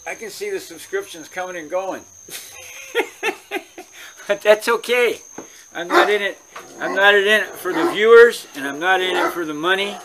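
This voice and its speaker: A man's voice: high voice, normal speed, pauses often, fairly bright tone, a little hiss or hum. A man vlogger from California telling a long story in a casual, rambling way, with many restarts.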